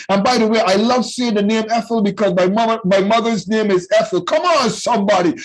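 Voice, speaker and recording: A man teaching a youth class in a loud, passionate preaching style, often calling out to his listeners. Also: very high-pitched, breathy edge, low-quality recording. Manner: loud and passionate, with call-and-response phrases.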